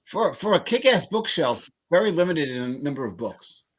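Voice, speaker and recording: A man's voice: fairly high pitch, big pitch swings, normal speed, breathy edge. A man co-hosting a casual podcast chat, making playful teasing remarks. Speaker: podcast co-host.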